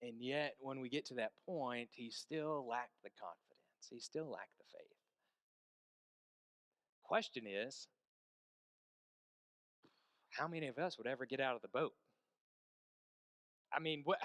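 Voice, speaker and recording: A man preaching a sermon, telling a story with hushed stretches and emphatic peaks and asking the congregation questions. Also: medium pitch, measured pace, pauses often, no room sound.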